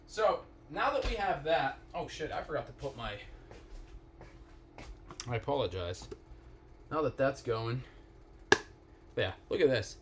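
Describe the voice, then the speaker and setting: A man's voice: medium pitch, a bit bright, a little hiss or hum. A man from the Pittsburgh area hosting a casual live cooking stream from his home kitchen, chatting straight to viewers and swearing casually. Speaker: cooking livestream host.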